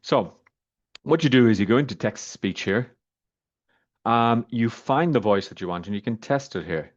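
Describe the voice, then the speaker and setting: A man reviewing software over a screen share, talking casually and rambling with many fillers as he clicks around. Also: medium pitch, lively intonation, moderate pace. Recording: slightly muffled, dull audio.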